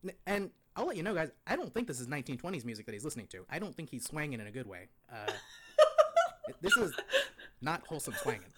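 A man voicing a condescending, pompous male pundit, lecturing deadpan in a comic impression on a podcast. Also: on the high side, fast talker, slight background noise, exaggerated voice. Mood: smug lecturing.

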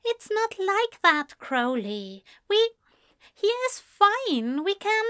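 A fussy, soft-spoken male angel, as a woman reads him with a high, lifted voice that leaps around as he stammers out polite, formal apologies. A dry, close storybook reading. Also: sing-song, slow, no echo, heavily acted. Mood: anxious.

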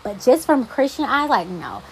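A young woman hosts her own podcast and chats on her own in a fairly high voice. She talks emphatically, with exasperated asides. A faint hum of noise sits behind her. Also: sing-song, normal speed, poor audio. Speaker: podcast host. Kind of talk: casual solo podcast monologue.

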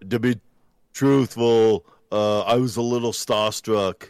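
A man doing a comedic impression of an Austrian action star, with a put-on Austrian accent and a jokey, halting delivery. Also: on the low side, fairly even intonation, darkish tone, clear, resonant tone, dry recording, clean studio sound, voice pushed down. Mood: sheepish.

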